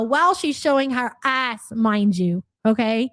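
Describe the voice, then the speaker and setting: A woman's voice: a little high, lively intonation, measured pace, hardly any pauses, fairly bright tone, dry recording, studio quality. A woman with a Louisville accent hosting a live reaction stream, blunt, sarcastic and profane, reading chat messages aloud. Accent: Louisville Kentucky. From Louisville area, USA.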